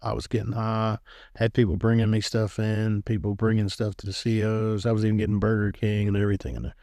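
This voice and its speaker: A man's voice: on the low side, monotone, quick pace, warm tone, no echo, studio quality. A middle-aged man, a guest telling his life story in a rambling, casual way, laughing often and acting out what others said. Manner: rambling, laughs often, acts out quoted talk. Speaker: guest giving a testimony.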